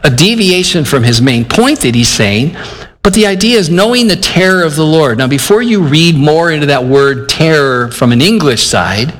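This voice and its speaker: A man's voice: a little high, a bit bright. An older man from Michigan preaching a conversational sermon, earnest and plainspoken, acting out his own inner dialogue as he talks. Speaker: pastor. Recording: long hall reverb.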